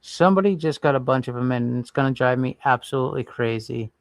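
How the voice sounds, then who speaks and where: Gravelly man rambling on a livestream. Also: mid-range voice, quick pace, no room sound. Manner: rambling, thinks aloud while browsing. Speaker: livestream host. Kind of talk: casual livestream chat.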